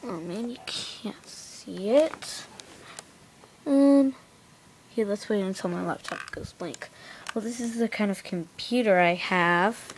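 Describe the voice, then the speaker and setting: A woman's voice: medium pitch, slow, slight background noise. A woman rambling casually in a home vlog, recorded on a handheld music player, often dropping into whispered asides. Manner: chatty, drifts into whispered asides. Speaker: new video maker. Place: at home near her bed. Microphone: handheld music player camera.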